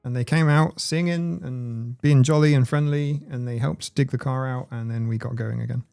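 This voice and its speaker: A man's voice: mid-range voice, steady tone, moderate pace, creaky, a little mellow, smooth, soft background music. A man, hosting a casual livestream and reading out viewers' comments in a chatty, playful way. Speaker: livestream host.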